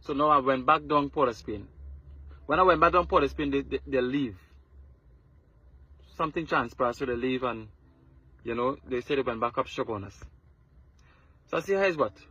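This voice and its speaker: A man's voice: mid-range voice, moderate pace, long pauses, bright, forceful tone, slightly rough, no room sound, muffled recording. A Trinidadian man telling what happened to him in a casual video, stumbling and repeating words. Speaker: TikTok influencer.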